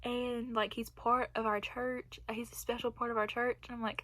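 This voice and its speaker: A woman's voice: on the high side, little pitch movement, normal speed, a bit bright, no echo. A young woman telling a personal story in a casual vlog, rambling and laughing between phrases. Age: young adult. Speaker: vlogger.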